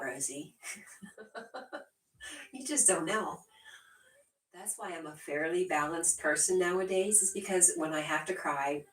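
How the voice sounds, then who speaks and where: A low-pitched woman chats through a livestream, reading viewer comments aloud and laughing often as she answers them. She sits back from the mic, and her voice bounces around a roomy space. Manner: giggly, laughs often between remarks. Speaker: livestream host. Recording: roomy echo, distant from the mic.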